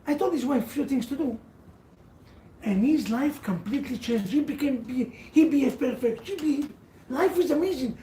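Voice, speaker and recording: A man giving a sermon as a rabbi to a seated audience, telling stories in halting, non-standard English. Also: very high-pitched, dark tone, echoey room, recorded from a distance, slight background noise, poor audio.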